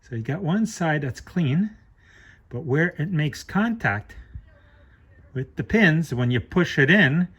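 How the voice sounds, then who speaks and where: A middle-aged man hosting a car repair channel, thinking aloud in an unhurried way while he works on a part at his bench. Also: on the high side, expressive, a bit bright, breathy edge, highs cut off. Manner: talks with a flashlight in his mouth at times. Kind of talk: hands-on repair demonstration.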